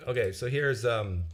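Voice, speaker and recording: A man hosting a live-stream call-in show, joking with callers in a deadpan, mock-serious way. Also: medium pitch. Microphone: video-call style live stream.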